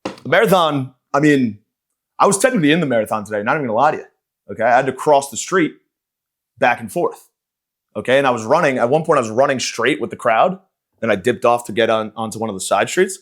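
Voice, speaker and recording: A man's voice: medium pitch, animated, fast talker. Profane ranting man podcaster. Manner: profane, sarcastic, rambling. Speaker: comedian podcast host. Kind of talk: ranting comedic monologue.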